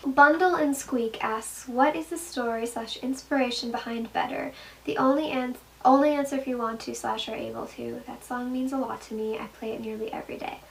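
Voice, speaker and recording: A woman's voice: on the high side, recorded from a distance, low-quality recording. Giggly young woman chatting off-mic. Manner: giggly, chatty, self-deprecating. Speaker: vlogger answering fan questions. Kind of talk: casual chat. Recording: from the mic, faint room noise.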